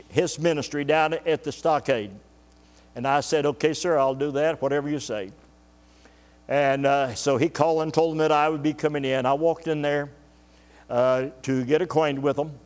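A man's voice: on the high side, a little mellow. An older man preaching, telling a personal story in a folksy way and acting out the voices of the people in it. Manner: folksy, acts out quoted dialogue. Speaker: pastor. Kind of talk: sermon storytelling. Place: church sanctuary. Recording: long church reverb.

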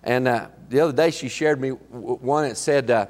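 A man preaching a sermon, telling folksy stories in a halting way with many restarts. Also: mid-range voice, a little mellow, long reverb tail. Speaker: pastor. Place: church sanctuary.

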